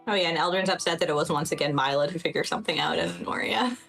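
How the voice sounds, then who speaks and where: A woman's voice: sits low, fairly even intonation, rapid-fire, creaky, a bit bright, soft background music, poor audio. A woman giving a chatty, laughing recap of a tabletop game session, with many fillers.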